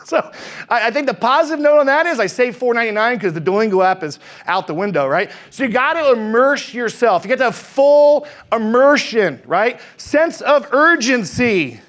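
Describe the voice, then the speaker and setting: High-voiced man giving a pep talk. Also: moderate pace. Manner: energetic, storytelling, asks the audience questions. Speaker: sales trainer. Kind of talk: motivational talk with stories.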